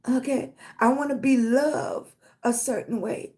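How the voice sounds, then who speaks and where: A middle-aged livestream host from Virginia, USA, speaks at a normal pace in a high, slightly mellow voice. She offers encouragement, greets viewers by name, and calls them baby and sweetie. "Right?" is a constant refrain.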